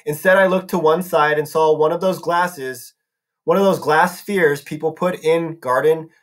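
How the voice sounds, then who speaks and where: A man's voice: on the high side, steady tone, normal speed. A man reading a novel aloud as a narrator, now and then correcting himself. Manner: narrating with some self-corrections. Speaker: audiobook reader.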